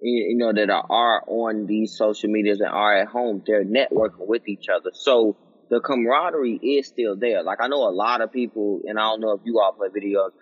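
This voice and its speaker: A man at home on a group call, calmly explaining and building his point in a measured way. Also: on the low side, husky. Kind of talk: casual group chat. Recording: dull lo-fi audio with long reverb.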